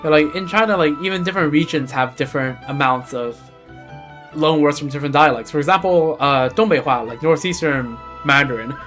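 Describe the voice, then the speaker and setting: A man's voice: fairly high pitch, a little fast, fairly bright tone, soft background music. A man streaming a game, chatting casually in a rambling way and repeating words as he thinks. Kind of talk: casual gameplay commentary.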